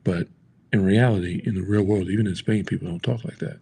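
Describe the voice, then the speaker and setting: With a deep, steady voice that is gravelly, mellow and husky, an American man speaks briskly to the camera. He covers useful Spanish phrases for travelers, rambling and filling his speech with "like" and "you know."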